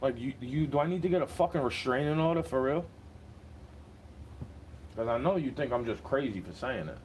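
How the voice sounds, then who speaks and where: A man's voice: medium pitch, expressive, moderate pace, darkish tone. A young man with a mid-range voice rants on in a car. His talk is agitated, profane and rambling, with faint noise behind him. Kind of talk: casual ranting monologue.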